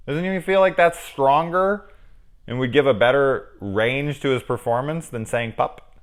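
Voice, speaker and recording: A middle-aged man giving a casual, profane film review, animated and acting out lines as he goes. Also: mid-range voice, normal speed.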